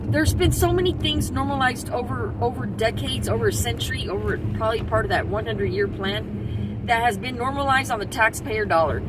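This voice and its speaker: A woman in Texas ranting in a rambling, heated, profane way in casual talk. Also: fairly high pitch. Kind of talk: casual political rant. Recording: steady background noise.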